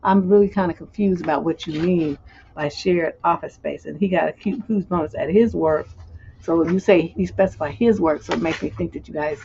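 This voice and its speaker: A woman's voice: on the low side, normal speed, creaky, mellow, muffled recording, a little hiss or hum. A middle-aged woman hosting a live relationship advice stream, speaking bluntly and emphatically, with some profanity. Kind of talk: live advice stream, answering a viewer letter.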